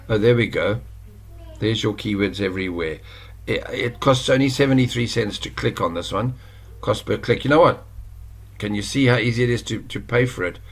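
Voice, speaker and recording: This online course instructor is a South African man whose husky voice sits in the mid range. Chatty and rambling, he walks through a casual screen-share tutorial, fixing his own mistakes along the way.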